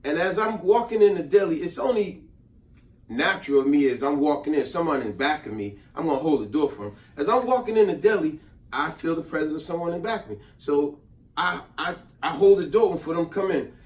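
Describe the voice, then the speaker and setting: A middle-aged man spins a casual, animated story and slips into voices for the people in it. His voice sits a bit high for a man. He sounds distant from the mic, in a roomy space. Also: fairly quick. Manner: animated, acts out voices in quotes.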